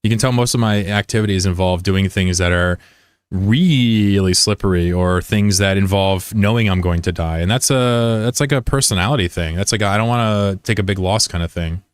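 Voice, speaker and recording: Low-voiced man chatting on a stream. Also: moderate pace, smooth, dry recording, studio quality. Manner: rambling and digressive, with many restarts; joking, self-deprecating. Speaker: game streamer. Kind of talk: casual live-stream chat with viewers.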